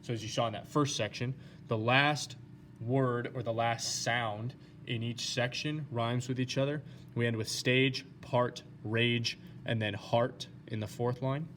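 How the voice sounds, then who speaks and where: Male teacher, mid-pitched, steady explainer over slides, faint hiss behind. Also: unhurried. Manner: plain, steady explaining with fillers. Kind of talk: recorded lesson talking through slides.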